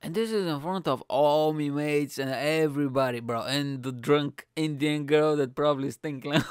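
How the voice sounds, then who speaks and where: Animated young man telling a story. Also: a little high, moderate pace, clean tone, no echo, studio quality. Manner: animated, acts out quotes, swears freely, laughs often. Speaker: comedian. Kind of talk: casual storytelling.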